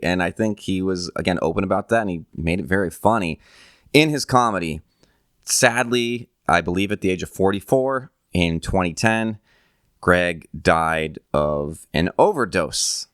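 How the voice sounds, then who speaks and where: A man's voice: low voice, a little slow, fairly bright tone, clean tone, no room sound, clean studio sound. A man hosting a tribute video, speaking in a reflective, conversational way with some fillers. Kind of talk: casual commentary.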